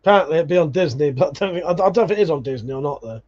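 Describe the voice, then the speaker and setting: A man's voice: on the high side, animated, racing, darkish tone, muffled recording. A man hosting a livestream, chatting casually and reading out viewer comments, swearing freely and calling people mate. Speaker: livestream host.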